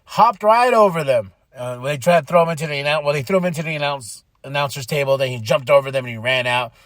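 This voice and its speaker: A man hosting a podcast, recapping wrestling in a casual, excitable monologue and quoting people in quick voices. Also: on the high side, no room sound.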